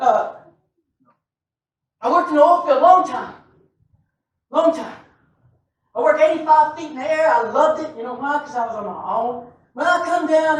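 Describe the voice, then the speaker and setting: High-voiced man preaching in echoey hall. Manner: lively, joking, calls out to the congregation. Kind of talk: sermon. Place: church sanctuary. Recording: very echoey church hall, mic far off.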